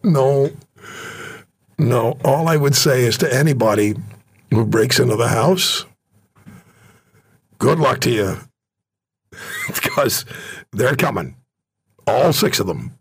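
Male host, very husky, rough voice, animated swings in pitch, casual storytelling. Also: takes it slowly, pauses often. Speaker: radio talk show host.

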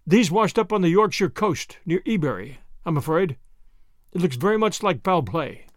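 A man reading an audiobook, voicing a grave, kindly older official who speaks in a measured way. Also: sits high, expressive, dry recording, studio quality. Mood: sympathetic.

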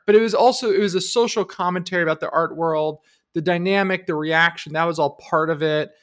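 A man's voice: fairly high pitch, steady tone, fast, hardly any pauses. A man co-hosting an advice podcast, arguing his opinions emphatically in casual conversation. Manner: opinionated, emphatic, shifts pace often. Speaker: podcast co-host.

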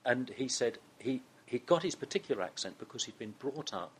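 A man's voice: mid-range voice, animated, brisk, slight background noise. A man with a Southern English accent, a guest in an interview, telling a story with many restarts. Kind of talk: conversational interview.

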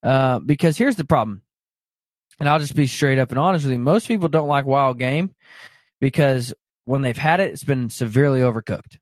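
A man's voice: mid-range voice, expressive, normal speed, dry recording. A man hosting a podcast in casual chat, making his points in an emphatic, preachy way. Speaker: podcast host.

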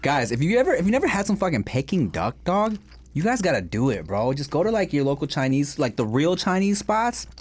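A man's voice: on the high side, very animated, a little fast, husky. A young man hosting a food vlog, chatting casually and profanely while eating. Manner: profane and laid-back, says "dog" often. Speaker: vlog host.

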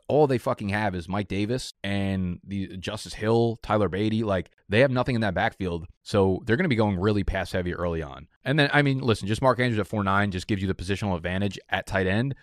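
A young man giving a rambling, profane fantasy draft recap in a self-described monotone. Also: sits low, no echo, clean studio sound. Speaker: fantasy football content creator. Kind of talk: casual draft recap monologue.

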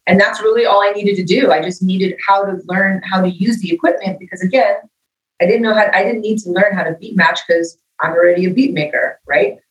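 A woman's voice: mid-range voice, a little fast, roomy sound, far from the mic, lo-fi sound. A middle-aged woman, a musician, chatting in an interview and acting out the people in her stories. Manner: animated storyteller, acts out quoted dialogue. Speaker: guest musician. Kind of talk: casual interview talk.

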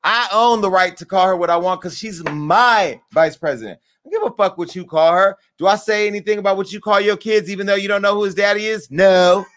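A man hosting a crude comedic commentary rant, brash and animated, jumping between loud outbursts and low asides. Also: fairly quick, hardly any pauses.

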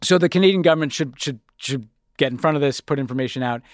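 A man co-hosting a political podcast, talking in an animated way and often repeating words as he starts his sentences. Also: medium pitch, quick pace, no echo, clean studio sound. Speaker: podcast co-host. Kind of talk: casual political chat.

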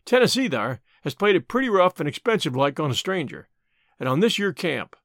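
A man voicing a rough, earnest gold-miner pleading for his partner, in a slow, halting frontier dialect. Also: a little high, very animated, fairly bright tone, no room sound, studio quality.

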